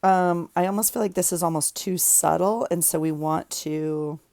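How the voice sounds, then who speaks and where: A woman's voice: on the low side, normal speed, a little mellow, no room sound. A woman vlogger chatting casually in her home craft room, rambling and thinking aloud as she works on a journal page. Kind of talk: casual chat while crafting.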